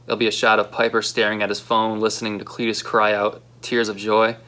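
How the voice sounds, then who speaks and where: A man's voice: on the low side, monotone, fairly quick, bright, forceful tone. A young man casually reading aloud his own short story script, with a few fillers. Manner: plain, casual read with occasional fillers.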